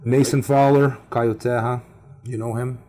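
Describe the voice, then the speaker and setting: A man's voice: medium pitch, level tone, unhurried, warm tone. A man co-hosting a podcast, talking casually and rambling, full of fillers like "man". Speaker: podcast co-host. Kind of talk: casual chat.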